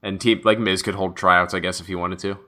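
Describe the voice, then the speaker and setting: A man with a deep voice and a bright, forceful edge, chatting casually as a show's co-host. He rambles excitedly, piles ideas on top of each other and swears freely. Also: a little fast. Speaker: podcast co-host. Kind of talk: casual chat about wrestling.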